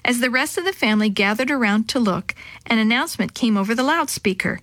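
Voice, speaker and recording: A woman narrates a children's story in a clear, even storytelling voice. Her pitch sits fairly high. The recording is dry and close, with no room sound. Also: quick pace, dry recording.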